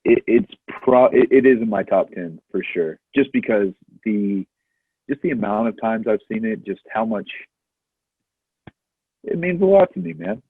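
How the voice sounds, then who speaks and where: Husky man on a tinny line. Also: fairly low pitch, lively intonation, moderate pace, dry recording. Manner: easygoing, nostalgic, filler-heavy. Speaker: podcast co-host. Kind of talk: casual movie chat.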